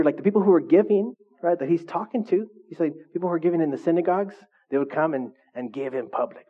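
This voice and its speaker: Man preaching a lively, chatty sermon. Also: on the high side, quick pace, hardly any pauses, breathy edge, phone-quality sound. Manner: conversational, animated, asks the congregation questions. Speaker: pastor.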